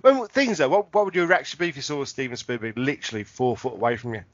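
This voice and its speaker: A man's voice: medium pitch, very animated, fast, no echo, muffled recording. Male podcast co-host, rambling swearing storyteller, dry room. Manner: rambling anecdote, frequent laughter and swearing. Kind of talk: casual chat.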